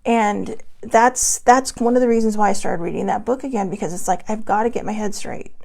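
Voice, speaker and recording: Candid, rambling woman with a gravelly voice. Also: mid-range voice, fairly quick, warm tone. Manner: candid, rambling, conversational with frequent fillers. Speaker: host. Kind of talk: casual self-help vlog talk. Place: home room at a desk.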